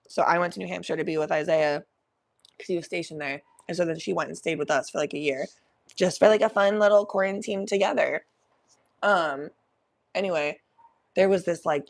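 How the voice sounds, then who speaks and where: A young adult woman hosting a podcast, telling a story in an animated, profane, laughing way. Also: on the low side. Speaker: podcast host. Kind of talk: casual storytelling.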